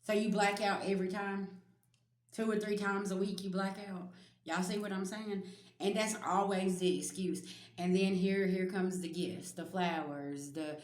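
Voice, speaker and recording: A woman's voice: mid-range voice, steady tone, normal speed, a little mellow, echoey room. A woman giving a casual spiritual reading to her viewers, blunt and emphatic, swearing freely and speaking straight to them. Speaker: spiritual reader.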